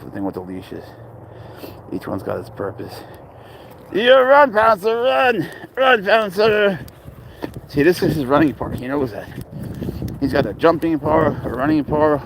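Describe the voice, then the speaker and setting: A man's voice: mid-range voice, creaky, darkish tone, a little hiss or hum, rough recording. A young man chatting casually on a phone livestream, rambling and crude as he answers viewer comments and talks to his cat outdoors.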